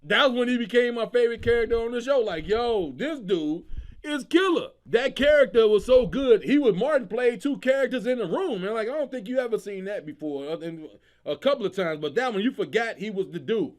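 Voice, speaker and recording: An extremely high-pitched man talks a little fast as host of his own comedy show. His riffing is casual and full of slang, animated, and often broken up by laughter.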